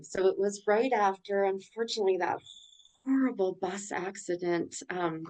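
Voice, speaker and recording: A woman's voice: lowish voice, measured pace, low-quality recording. A woman guest on a podcast telling her personal story in a candid, emotional way, blunt and swearing now and then.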